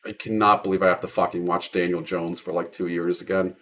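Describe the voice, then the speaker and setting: Low-voiced man ranting on a stream. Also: flat delivery, a little fast, a bit bright. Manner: profane, ranting. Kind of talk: casual chat while streaming a game.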